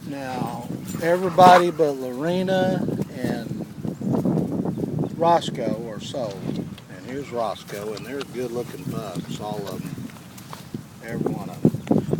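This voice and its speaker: A middle-aged man walking outdoors with his camera, calling and coaxing puppies in a sing-song voice, with low muttered asides between calls. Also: takes it slowly. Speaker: dog breeder filming his litter. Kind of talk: casual home video narration. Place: outdoors, rural yard and road. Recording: loud outdoor noise on camera mic.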